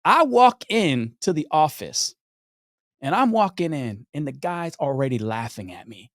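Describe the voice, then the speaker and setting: A man's voice: a little high, measured pace, no echo, studio quality. A man in his thirties, a podcast guest telling his story and acting out the people in it. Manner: animated, acts out the people in his stories. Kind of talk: storytelling in conversation.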